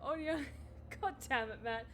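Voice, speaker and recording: A woman's voice: high voice, unhurried, fairly bright tone, slight background noise. A woman streaming a video game live, giggling often, swearing freely and chatting casually with her viewers. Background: game music.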